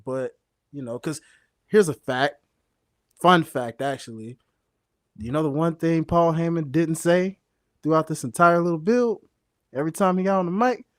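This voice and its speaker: A man co-hosting a casual wrestling podcast, speaking emphatically with drawn-out stresses. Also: a little high, dry recording, studio quality. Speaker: podcast co-host.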